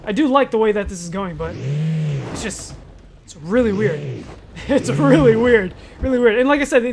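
A young man giving let's-play commentary, excitable, yelping and shouting at enemies, then calmly musing. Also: extremely high pitch, slight background noise. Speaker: gaming YouTuber.

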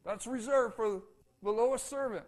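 A man's voice: very high voice, normal speed, a little mellow. A man preaching a sermon as pastor in a church, emphatic and full of repeated rhetorical questions to the congregation. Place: church sanctuary.

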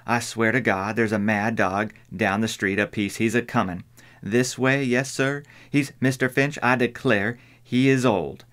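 A man's voice: medium pitch, fairly even intonation, unhurried, fairly bright tone, lightly acted. A man voicing a stern older woman housekeeper, speaking urgently and emphatically.

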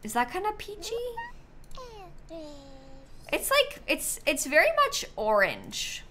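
A woman's voice: high voice, huge pitch swings, takes it slowly, background noise. A woman streamer chatting casually while she plays a life-sim game, thinking aloud and sounding a little sleepy. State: sleepy, yawning. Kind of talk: casual gameplay commentary.

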